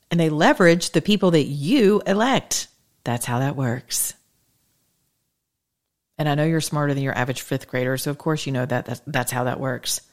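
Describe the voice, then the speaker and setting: A middle-aged woman hosting a political talk show, speaking in an animated, sassy monologue full of rhetorical questions. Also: fairly low pitch. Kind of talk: opinionated monologue to listeners.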